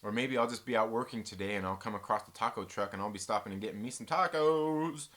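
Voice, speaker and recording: A man's voice: lowish voice, fast talker, a bit bright. A man hosting a casual live-stream chat, rambling in a laid-back way and reading viewer comments aloud. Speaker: channel host.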